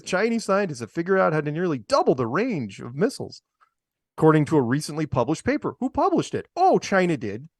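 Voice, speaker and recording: Brisk and fairly high, his pitch swoops wildly as this podcast host reads news items and tears into them with sarcasm, chuckling at his own jokes. It's casual chat-show commentary in clean studio sound with no room sound.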